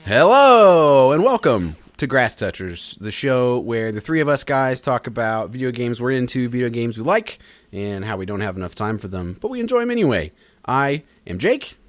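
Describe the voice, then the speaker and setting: A man's voice: medium pitch, a little fast, no room sound. A young man co-hosting a casual video game podcast, telling stories and acting out quotes. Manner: animated storyteller who acts out quotes. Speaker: podcast co-host. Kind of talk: casual chat.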